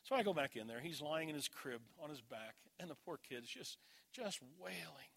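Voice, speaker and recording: A man's voice: fairly high pitch, animated, moderate pace, gravelly, fairly bright tone. A middle-aged man preaching a sermon, teaching earnestly and telling a personal story.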